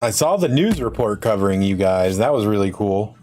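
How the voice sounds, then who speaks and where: A man co-hosting a casual podcast chat, easygoing and quick to laugh. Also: fairly low pitch, animated, darkish tone. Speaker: podcast co-host.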